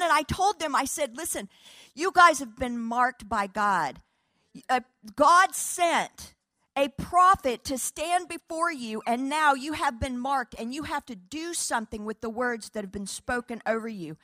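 Woman preacher telling a lively testimony. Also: high voice, measured pace, dry recording. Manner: animated, laughing, quoting dialogue. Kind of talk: sermon testimony storytelling.

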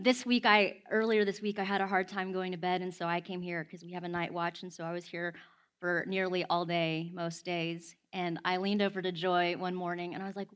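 A woman's voice: on the high side, fairly bright tone. Emotional, candid young woman preaching. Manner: emotional, laughing and candid, conversational storytelling. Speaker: speaker at a prayer house. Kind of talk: heartfelt personal sermon.

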